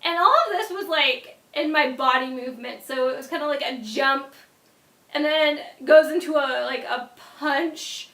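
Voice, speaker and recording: A young woman vlogger telling a casual story in an animated way, often dropping into quiet asides. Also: high-pitched, moderate pace, reverberant.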